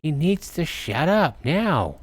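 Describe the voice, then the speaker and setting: A man's voice: a little high, sing-song, takes it slowly, husky, no room sound, voice pushed up, exaggerated voice. A man voicing a selfish survivor who speaks curtly and with hostility. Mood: hostile. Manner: curt and hostile. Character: selfish, harsh male survivor.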